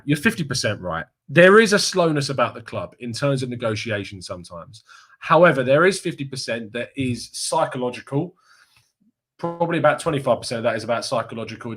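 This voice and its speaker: A young man from Kent with a southeast English accent hosts a relaxed fan live stream. He chats easily and reads viewer comments aloud, breaking into laughter often. His voice sits in an ordinary middle pitch. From Kent, England. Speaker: fan channel host reading live chat. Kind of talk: casual live-stream chat.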